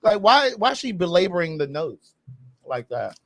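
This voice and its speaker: A high-pitched man hosts a loose, casual chat, his voice swinging widely up and down. He talks with sass and strong opinions, and he is quick to dismiss things. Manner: animated, sassy, opinionated. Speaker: host.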